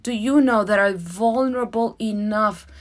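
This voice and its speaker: A middle-aged woman hosting a podcast, talking casually, emotional and emphatic, swearing freely and swinging between loud bursts and soft asides. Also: mid-range voice, normal speed. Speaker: podcast host.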